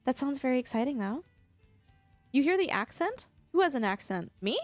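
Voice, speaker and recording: A woman's voice: high-pitched, very animated, normal speed, dry recording, faint music behind. A woman streamer chatting casually with her live viewers, bubbly and effusive, laughing often.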